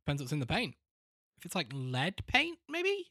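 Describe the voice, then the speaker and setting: A man, reacting to a friend's film recap with quick, wry jokes. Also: a little high, big pitch swings, bright, forceful tone, slightly rough, dry recording, clean studio sound. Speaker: podcast co-host. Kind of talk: casual chat.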